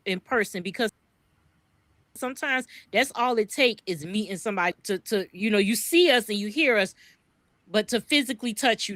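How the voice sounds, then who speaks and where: A woman's voice: mid-range voice, a bit bright, no room sound. A woman co-hosting a podcast, speaking in impassioned commentary, repeating words when worked up and swearing freely. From US East Coast. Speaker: podcast co-host.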